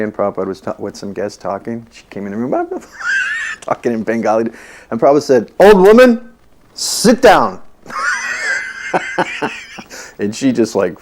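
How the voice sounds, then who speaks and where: A man's voice: on the low side, a little fast, a little mellow, a little hiss or hum. A man telling casual anecdotes about his spiritual teacher, chatty and laughing as he goes. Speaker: devotee recalling memories.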